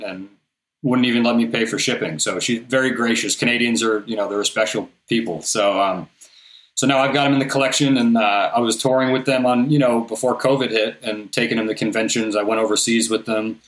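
A man's voice: fairly low pitch, fairly bright tone. A man telling stories casually in an interview, rambling with restarts and fillers. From southeastern Massachusetts. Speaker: guest, documentary filmmaker and collector. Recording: roomy echo.

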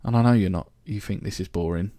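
Hosting a solo podcast, this London man with a London accent rambles, jokes, and chats casually in a monologue. He talks fast in a deep, mellow voice, captured in a dry recording.

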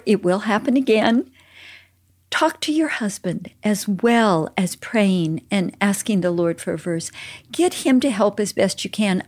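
Older woman, Christian parenting chat, gentle earnest storyteller, mid-pitched. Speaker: podcast co-host, mother.

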